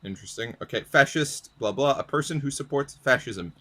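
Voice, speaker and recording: A man's voice: medium pitch, brisk, fairly bright tone. A young man ranting casually to camera, profane and sardonic, reading definitions aloud from old dictionaries. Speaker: vlogger.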